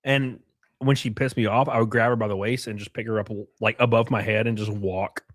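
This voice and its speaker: A man's voice: on the low side, steady tone, brisk, dry recording, studio quality. A young man hosting a casual live stream, reading viewer comments and joking crudely with frequent laughs. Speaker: livestream host.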